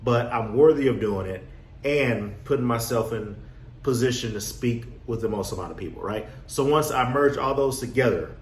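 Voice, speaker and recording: A man coaching on real estate wholesaling in a casual motivational talk, acting out his own past with lively energy. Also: medium pitch, moderate pace. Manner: animated storyteller, acts out his younger self. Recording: echoey room, faint background noise.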